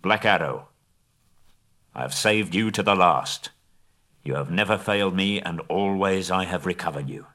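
A man's voice: low-pitched, normal speed, pauses often, a bit bright. A man voicing a grim, steadfast bowman hero in a storybook reading, with a solemn, firm delivery.

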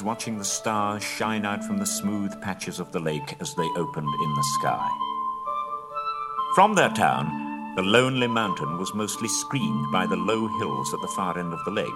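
A man giving expressive, dramatic audiobook narration of a fantasy story, building to loud, tense peaks. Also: on the low side. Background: faint music.

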